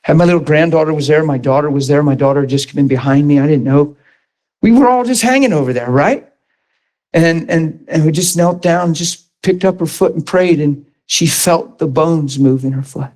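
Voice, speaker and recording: A middle-aged pastor with a drawl, preaching in a somewhat high voice. He keeps it conversational, tossing questions and asides to the congregation as he builds his points with real energy. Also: normal speed, darkish tone. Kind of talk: sermon.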